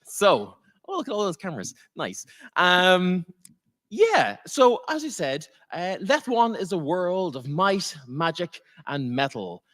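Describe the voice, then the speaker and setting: Man, Irish accent, high voice, very animated pitch, dungeon master, live stage show, convention auditorium. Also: slow pace. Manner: animated, laughing often, playful with the crowd. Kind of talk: live tabletop game podcast on stage.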